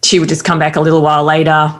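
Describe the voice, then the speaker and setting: A woman's voice: sits low, completely flat delivery, rapid-fire. A woman guest on a talk show, earnestly and reflectively recounting personal experiences in candid conversation. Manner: earnest, reflective, with frequent restarts.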